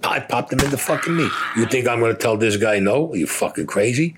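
A man's voice: medium pitch, expressive, fairly quick, background noise. An older man, a war veteran, telling a story in an interview in a blunt, profane way, cursing constantly.

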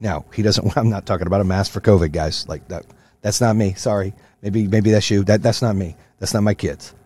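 A man in his thirties or forties hosting a podcast, ranting with lots of profanity in a fired-up motivational way, then dropping to a low, quieter voice for stories. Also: fairly even intonation, fairly quick, breathy edge. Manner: swings from loud rants to low, quieter storytelling. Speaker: podcast host. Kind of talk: casual monologue.

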